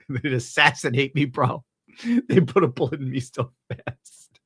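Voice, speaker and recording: A man ranting casually on his stream at home, swearing, laughing often and scolding his dog loudly between points. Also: mid-range voice, animated, takes it slowly, slightly rough, dry recording, studio quality. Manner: profane, rambling, laughs often. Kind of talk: casual rant on a live stream.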